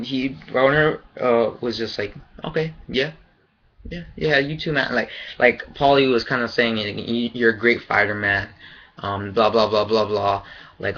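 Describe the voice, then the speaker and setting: Bright-voiced man rambling in lo-fi. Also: medium pitch. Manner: rambling, profane, loose and opinionated. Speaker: boxing vlogger. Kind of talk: casual fight review.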